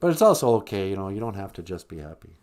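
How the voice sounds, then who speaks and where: A man's voice: sits low, very animated, quick pace, a little mellow. A man hosting a live stream, talking casually and with dry humor about emotions and spirit. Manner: wry, joking, conversational, slips into comic voices. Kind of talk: casual teaching monologue.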